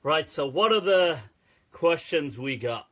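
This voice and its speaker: Male host, live-stream chat, slow and jokey, husky, prone to laughing. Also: fairly high pitch, animated, a bit bright. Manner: laughs a lot, joking and teasing. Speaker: host of a live Islamic Q&A show.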